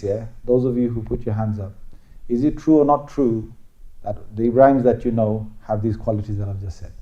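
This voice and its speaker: A man's voice: medium pitch, warm tone. Man, Islamic lecturer, medium voice, chatty teaching style, audience questions, muffled lo-fi recording. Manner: conversational, quizzes listeners with show-of-hands questions. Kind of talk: interactive religious lecture to a live audience.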